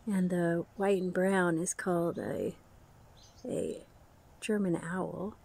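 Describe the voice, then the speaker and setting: A woman's voice: fairly low pitch, fairly even intonation, slow pace, gravelly, darkish tone, breathy edge. A woman who cares for rescued birds chats outdoors with her pet bird, cooing praise at it. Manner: doting, coos praise at the bird. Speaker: bird sanctuary caretaker. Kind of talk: casual chat with a pet bird. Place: outdoors in the sun. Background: birds calling and cooing.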